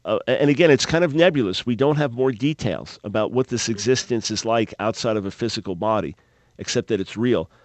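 A man hosting a call-in radio show, answering Bible questions in a measured, explanatory way. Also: on the low side, dry recording. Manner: measured, explanatory, thoughtful pauses. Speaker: radio talk show host.

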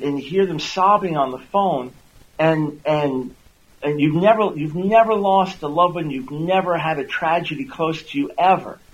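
With his highs cut off, a rather high-voiced male radio host, a Christian apologist, earnestly instructs his audience. He repeats words as each point takes shape and performs quotations in a raised voice.

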